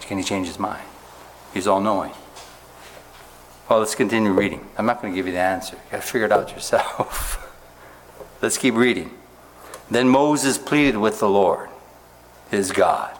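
A man preaching a sermon, reading scripture aloud slowly and stopping often to ask his listeners rhetorical questions. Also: on the low side, slight background noise. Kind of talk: sermon, Bible teaching.

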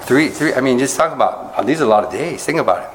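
A man's voice: quick pace, poor audio. A man preaches an expository sermon in an easy, conversational way. His voice sits in a mid range and climbs when he drives a point home. He keeps asking the congregation rhetorical questions, and faint noise hums in the background. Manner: animated rises in pitch when making a point. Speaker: pastor.

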